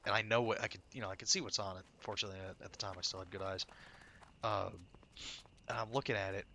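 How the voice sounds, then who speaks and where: A man's voice: fairly low pitch, vocal fry, pushed and bright, a little hiss or hum. A man telling a rambling, profane story with frequent laughter while playing a game. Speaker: streamer. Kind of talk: casual storytelling while gaming.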